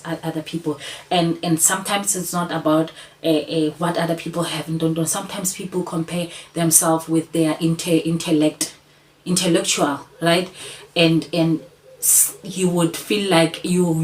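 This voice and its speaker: A woman's voice: sits low, low-quality recording. A woman giving an earnest, repetitive motivational talk to camera, coaxing the listener again and again. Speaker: channel host.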